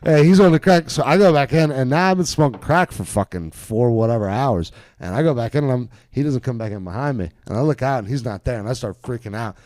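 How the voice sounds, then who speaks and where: A man tells a comic story on a podcast. He is animated and profane, often laughing into his own lines. The sound is dry and close. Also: medium pitch, fast talker, few pauses, no room sound. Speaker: comedian guest.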